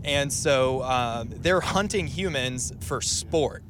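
Man, host, casual group chat, filler-heavy, mid pitch, faint noise. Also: slow pace. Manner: laying out scenarios with fillers.

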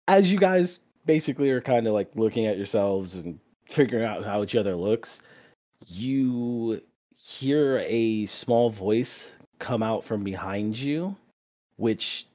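Slow chill guy narrating a tabletop game as gm, lots of ums. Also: on the low side, a little mellow. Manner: unhurried, with fillers. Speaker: game master.

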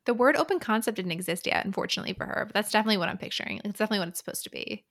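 A woman's voice: mid-range voice, expressive, rapid-fire, fairly bright tone, dry recording, clean studio sound. A woman co-hosting a podcast, chatting casually and often laughing and agreeing. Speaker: podcast co-host. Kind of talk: casual chat.

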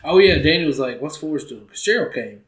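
A man's voice: a little high, animated, quick pace. Rambling young man, lots of "like". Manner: loose rambling storytelling with many "like"s, laughs often. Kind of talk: casual chat.

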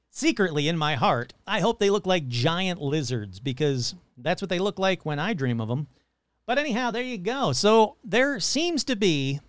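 Male podcast host, casual, swearing, jokey asides, smooth resonant voice, dry close sound. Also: fairly high pitch, fairly bright tone, no room sound. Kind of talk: casual monologue on cryptids.

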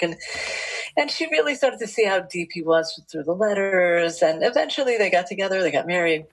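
A woman speaking as a relationship expert, telling stories from her interviews in an animated, rambling way with many restarts. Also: fairly low pitch, normal speed, husky, rough recording. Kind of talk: storytelling interview answers.

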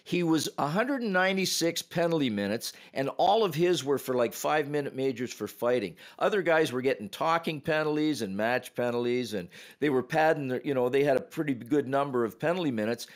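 Man, former referee, storytelling on a podcast, animated, acts out the quotes, mid pitch. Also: a little fast, hardly any pauses.

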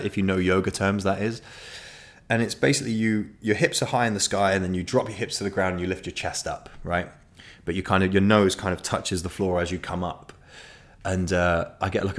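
With a deep yet fairly bright voice, a young man muses casually and candidly in a loose monologue. He curses a lot and keeps restarting as his thoughts wander.

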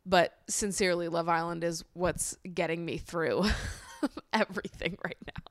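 A woman's voice: lowish voice, steady tone, unhurried, no room sound, studio quality. A young woman hosting a podcast in candid casual chat, laughing often and using plenty of slang. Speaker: podcast host.

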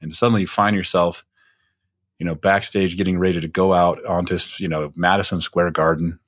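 A man's voice: low-pitched, fairly even intonation, brisk, dry recording, studio quality. A man spinning a long rambling story in casual chat, full of fillers.

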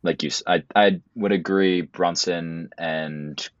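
A man co-hosting a casual sports podcast, laid-back and thinking out loud. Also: deep voice, steady tone, takes it slowly, dry recording. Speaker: podcast co-host. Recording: dull dry lo-fi sound.

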